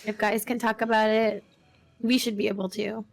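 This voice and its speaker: A woman streamer in casual podcast chat, telling stories in an animated way. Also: a little high, normal speed, vocal fry, soft background music. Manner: storytelling, animated anecdotes.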